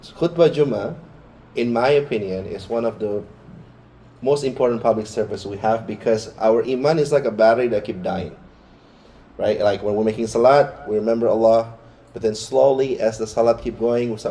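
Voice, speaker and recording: A man's voice: medium pitch, normal speed, mellow. A man giving a Friday sermon in a mosque, talking informally and chattily, with personal asides to the congregation. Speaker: Friday preacher.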